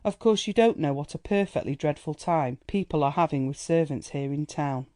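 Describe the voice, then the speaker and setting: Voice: mid-range voice, normal speed, warm tone, no room sound, lightly acted. A reader voicing a chatty, patronizing society woman who laughs off her friend's worries, in a storybook reading. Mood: counselling. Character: gushing condescending society woman, young adult.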